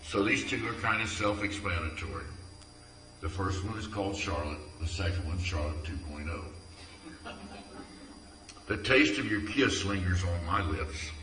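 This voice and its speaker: A man's voice: deep voice, fairly bright tone, slight background noise. A man earnestly reading his own poems aloud at a community event, tender and heartfelt. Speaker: poetry reader. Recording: echoey room from far off.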